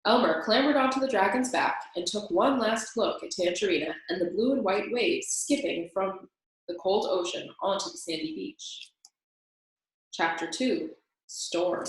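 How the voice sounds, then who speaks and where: A woman reading a children's storybook aloud in calm, steady narration. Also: mid-range voice. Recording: very echoey room.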